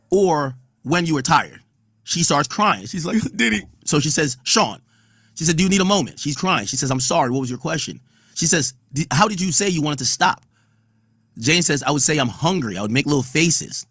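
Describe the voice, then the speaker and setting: A man's voice: fairly high pitch, animated, moderate pace, fairly bright tone, husky, dry recording, studio quality. A man hosting a podcast, reading court testimony aloud and riffing on it in blunt, profane casual commentary. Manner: blunt, profane, reads quotes aloud and riffs on them. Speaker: podcast host.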